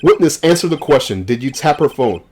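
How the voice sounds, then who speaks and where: A man's voice: fairly high pitch, lively intonation, brisk, darkish tone, slightly rough, voice pushed up. A man voicing a stern male judge in a game playthrough, commanding order.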